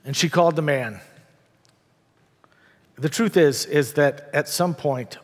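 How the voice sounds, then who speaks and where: Storytelling male pastor in a reverberant church. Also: fairly high pitch. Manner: storytelling, with dramatic pauses; wry asides. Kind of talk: sermon. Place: church sanctuary.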